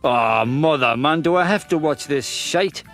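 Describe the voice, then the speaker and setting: A man's voice: a little high, unhurried, fairly bright tone, soft background music. A man voicing a crude, cocky young Geordie lad.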